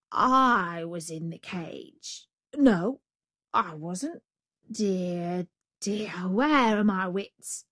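A woman voicing a sly male jackal who plays dumb, with a drawn-out, whining, mock-bewildered manner. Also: medium pitch, dry recording, clean studio sound.

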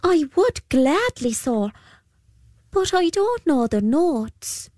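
A woman's voice: high voice, big pitch swings, takes it slowly, warm tone, no room sound, clean studio sound, voice pushed up, heavily acted. A woman voicing a polite, plucky young piper boy in a storybook tale. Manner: polite, wondering.

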